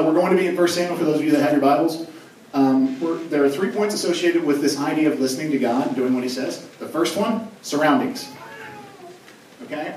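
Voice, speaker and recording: Young youth pastor preaching in an echoey hall. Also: male voice, on the high side, far from the mic, a little hiss or hum. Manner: casual, joking, conversational preaching. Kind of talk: sermon. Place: large church hall.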